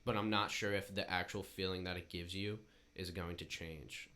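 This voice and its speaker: A man's voice: low-pitched, fairly even intonation, pushed and bright. A young man hosting a podcast, thinking aloud in casual chat and chiming in with agreement and jokes. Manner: reflective, quick to chime in with agreement and jokes. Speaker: podcast host.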